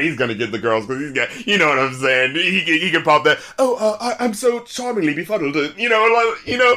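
A man co-hosting a podcast in casual, animated chat, laughing often, swearing freely and acting out quotes. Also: on the high side. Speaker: podcast co-host reviewing albums.

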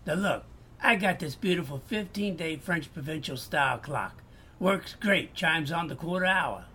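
A man's voice: lively intonation, normal speed, pushed and bright, breathy edge, full character voice. A man as a salesy Boston customer. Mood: upbeat. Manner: salesy, upbeat pitching. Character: eager Boston customer selling a clock. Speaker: customer selling items.

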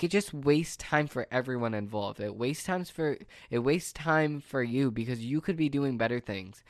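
A man with a mid-range voice, recorded cleanly in a studio with no room sound, vents about customers while working the phones at a pizza shop. His monologue is casual and rambling, sarcastic and exasperated, with frequent restarts.

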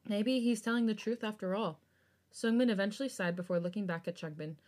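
A woman's voice: mid-range voice, brisk, a little mellow. A woman podcast host reading fan fiction aloud and breaking off for blunt, joking asides.

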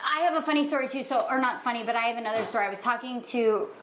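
A woman's voice: a little high, racing. A middle-aged woman co-hosting a podcast, joking and acting out quotes as she tells stories. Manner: animated, jokey, acts out quotes. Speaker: podcast co-host. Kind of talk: casual chat. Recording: roomy echo with faint noise.

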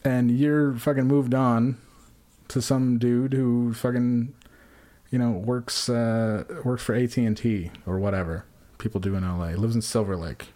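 A man of middling pitch rambles through crude, comic advice on a podcast. He talks in loose, run-on bursts and jumps between jokes as he goes. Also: steady tone, a little slow, warm tone. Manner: rambling, acts out dialogue in sudden voices. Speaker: podcast co-host. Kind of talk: profane comedic banter.

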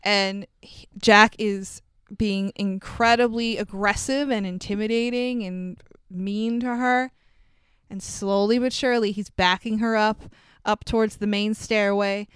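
A woman's voice: mid-range voice, steady tone, unhurried, clean tone, dry recording, studio quality. A woman co-hosting a podcast, recapping a movie in a chatty, swearing, laughing way. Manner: chatty, swears, laughs often, acts out quotes. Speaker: podcast co-host.

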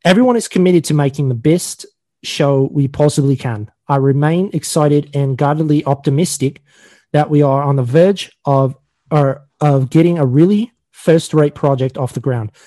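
Brief: man doing a rough mock Australian read, a touch high, halting delivery. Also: mellow, no room sound, close to an everyday voice. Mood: earnest. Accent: Australian, put on. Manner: halting, stumbling over words. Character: man reading a statement in a mock Australian accent.

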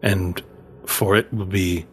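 A man voicing an ancient elder tree spirit, speaking slowly and solemnly in prophecy. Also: low-pitched, flat delivery, fairly bright tone, breathy edge, exaggerated voice. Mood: ominous.

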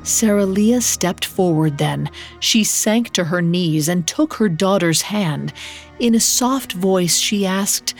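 A woman storyteller reading a folk tale in a measured, hushed way. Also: mid-range voice, animated. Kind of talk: scripted narration. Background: faint music.

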